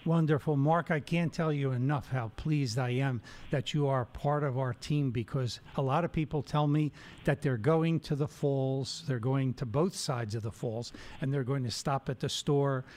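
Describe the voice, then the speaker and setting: A man hosting a radio talk show, warm in his praise of a guest. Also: medium pitch, steady tone, moderate pace. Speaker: radio host.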